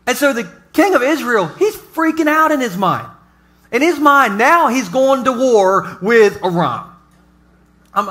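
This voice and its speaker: A pastor preaching a humorous sermon to a live congregation, telling jokey stories and throwing asides to the audience. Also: male voice, high voice, sharp tone. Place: church service before a live congregation.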